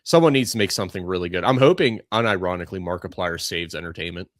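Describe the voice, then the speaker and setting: A young man co-hosts a podcast in casual chat, rambling, ranting and going off on tangents. His voice is low and fast, recorded at studio quality with no room sound.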